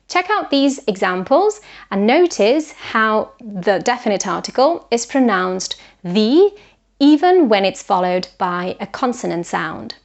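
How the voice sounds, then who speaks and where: A woman teaching English pronunciation online in a calm, measured voice. She explains each rule step by step and says her example words slowly and deliberately so learners can copy them. Her pitch sits in the ordinary middle range for a woman.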